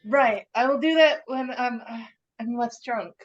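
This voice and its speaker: A woman's voice: on the high side, a little slow, highs cut off, faint music behind. A woman player in a tabletop game, casual and a bit hesitant. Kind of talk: casual chat.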